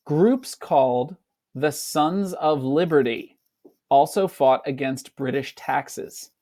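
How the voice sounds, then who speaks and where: A man teaching a fourth-grade class, reading a passage aloud and explaining it, slipping into quick playful voices for the people in it. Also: on the high side, darkish tone. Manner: breaks into quick, playful voices for kids and colonists.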